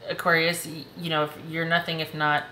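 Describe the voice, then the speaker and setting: Brief: woman tarot reader, low voice with a bright edge, soothing and emotional, echoey room with faint hiss. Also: little pitch movement, a little fast. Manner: warm, reassuring, emotional, laughs often. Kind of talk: casual tarot reading to camera. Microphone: close desk mic.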